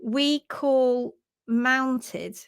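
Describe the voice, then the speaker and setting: A woman's voice: high-pitched, fairly even intonation, very slow, clear, resonant tone. A woman presenting a casual live stream on hoof care, chatty and giggly.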